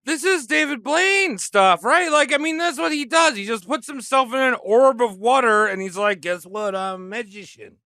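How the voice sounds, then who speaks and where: Male comedy co-host, high bright animated voice, quick riffing, dry close mic. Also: gravelly, no room sound. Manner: animated, quick to laugh and jump in with bits. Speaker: podcast co-host. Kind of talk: comedic podcast banter.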